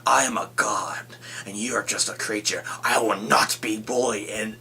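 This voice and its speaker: A man voicing a haughty male villain god from a superhero movie, speaking low and hushed with scorn. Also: flat delivery, normal speed, creaky, husky, full character voice. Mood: scornful.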